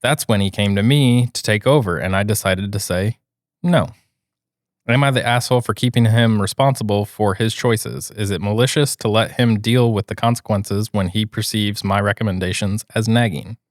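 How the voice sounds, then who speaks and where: A man co-hosting a podcast, reading a post aloud in a steady way and then giving his views in relaxed chat. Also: on the low side, moderate pace, no room sound, studio quality. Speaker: podcast co-host reading stories.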